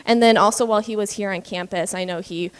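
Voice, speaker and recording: A woman speaks earnestly and gratefully about a puppy she raised. Her voice sits at an ordinary middle pitch, and her delivery is steady and sincere. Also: fast talker, smooth. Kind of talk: prepared thank-you remarks.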